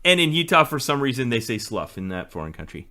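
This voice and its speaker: A man's voice: medium pitch, very animated, quick pace, pushed and bright. A man in his forties, co-hosting a podcast in casual chat and explaining things in a storytelling way. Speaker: podcast co-host.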